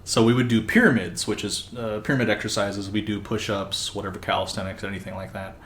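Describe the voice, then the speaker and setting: Low-voiced man recalling stories, roomy. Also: fast talker. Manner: relaxed, rambling, many fillers. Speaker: podcast host. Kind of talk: casual storytelling chat. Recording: roomy with faint background hiss.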